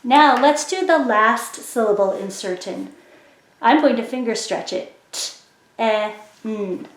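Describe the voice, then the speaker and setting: A woman teaching a phonics lesson to children, explaining slowly and clearly with encouraging prompts. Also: fairly high pitch, animated. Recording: echoey room.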